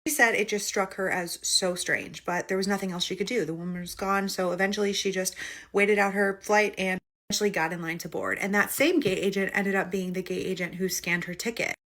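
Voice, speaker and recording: A woman tells a spooky story time at a rapid clip. Her voice sits at a middle pitch, and she keeps the quoted lines in her own plain voice. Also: fairly even intonation, a bit bright.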